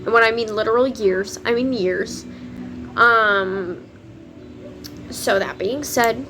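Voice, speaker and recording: Young woman, casual book vlogger, unhurried, swears and laughs freely, light background hiss. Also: on the high side. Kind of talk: casual chat to camera.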